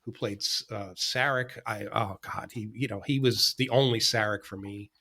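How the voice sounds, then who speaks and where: A man's voice: fairly low pitch, steady tone, moderate pace, creaky, bright, forceful tone. A man hosting a podcast in casual chat, speaking earnestly and with nostalgia.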